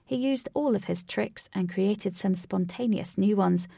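A woman narrating a storybook in a steady, expressive reading voice. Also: medium pitch, unhurried, vocal fry, no room sound, clean studio sound. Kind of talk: storybook read-aloud narration.

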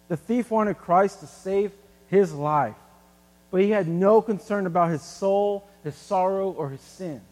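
A man preaching a sermon in a casual, animated way, using everyday examples. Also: high voice, normal speed, long reverb tail. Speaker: pastor.

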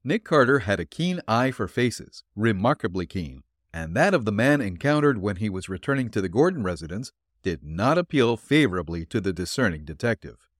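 A man reads an old detective story aloud in a measured, expressive way. His low voice has lively, wide-ranging intonation. The recording is dry and close. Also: no room sound. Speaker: narrator and reader. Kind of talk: audiobook narration.

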